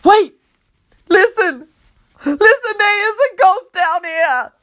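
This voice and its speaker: A woman's voice: very high voice, slow pace, a bit bright, pitched above the performer's own voice, exaggerated voice. A woman voicing a fierce, bossy voodoo queen who hisses and scolds in clipped dialect. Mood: urgent. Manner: hissing, bossy, dialect grammar.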